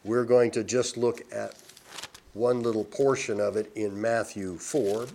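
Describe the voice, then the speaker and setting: A man preaching a sermon, reading scripture aloud with rising emphasis and then explaining it in a lower, conversational tone. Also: steady tone, a little slow, a little mellow, slight background noise.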